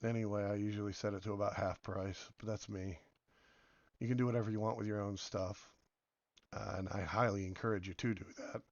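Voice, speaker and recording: A man with a hoarse voice from being sick, rambling casually as he comments on a game and drifts between topics. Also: fairly low pitch, fairly even intonation, fairly quick, dry recording, muffled recording. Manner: rambling, meandering, many fillers. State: hoarse from illness. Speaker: game video host.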